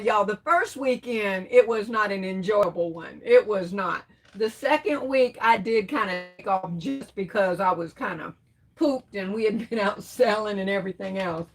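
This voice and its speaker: A middle-aged woman hosting a casual crafts livestream, reading out comments and answering them with terms of endearment. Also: medium pitch. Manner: warm terms of endearment, chatty, laughs often.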